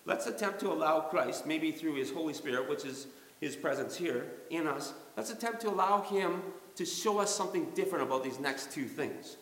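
A man preaching a sermon as pastor in a church, animated, acting out quotes and chuckling often. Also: on the high side, moderate pace. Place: church sanctuary during a service. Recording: very echoey hall reverb.

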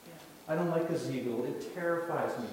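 A man's voice: on the high side, moderate pace, a little mellow. A man preaching a casual, story-filled sermon as a youth pastor, acting out quoted voices. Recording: echoey hall, distant mic, faint noise.

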